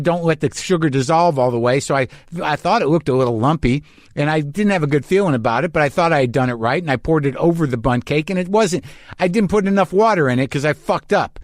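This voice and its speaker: A man's voice: on the high side, dry recording, clean studio sound. A man hosting a podcast, telling a story in a casual monologue, swearing often and mocking himself. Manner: profane, self-deprecating storytelling. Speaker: podcast host.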